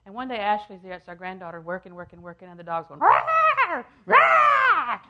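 Older female preacher with a slightly low voice, repetitive and emphatic, dropping to a hush. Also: steady tone, very fast, lo-fi sound. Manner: repeats phrases for emphasis, swings from loud to hushed. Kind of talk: sermon.

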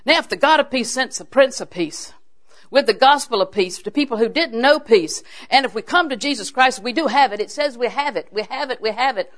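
A woman's voice: a little high, animated, a little fast. A woman preacher giving a sermon in a chatty storytelling way, asking her listeners questions and often laughing. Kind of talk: sermon with humorous anecdotes.

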